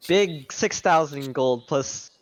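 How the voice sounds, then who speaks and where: Excitable young man at a game table. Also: on the high side, slow. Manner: excitable, laughs between lines. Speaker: player. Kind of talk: casual chat at a game table.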